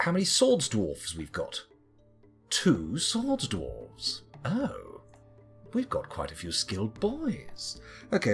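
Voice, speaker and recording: Guy streaming a game, jokey and chatty, really bouncy pitch, faint guitar behind. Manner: chatty, jokey, reads items aloud. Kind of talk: live game commentary.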